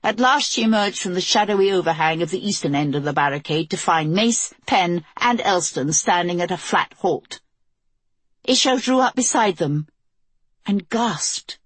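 A woman reading a novel aloud as an audiobook narrator, in measured, even storytelling. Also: lowish voice, breathy edge, no room sound. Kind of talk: scripted narration.

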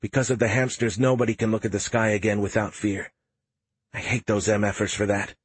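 A man's voice: on the low side, flat delivery, a little fast, slightly rough, dry recording. A man reading the part of a tough, frank young woman soldier in an audiobook, with little change from his own voice. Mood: blunt. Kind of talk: audiobook character voice.

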